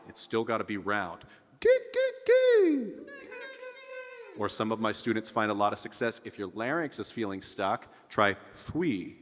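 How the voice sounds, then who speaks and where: A man teaching a singing lesson, explaining techniques between high vocal demonstrations and checking in with his students. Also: a bit bright, big-room sound, slight background noise. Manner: sings high falsetto vowel drills between explanations; encouraging, checks in with "okay?". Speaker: vocal coach.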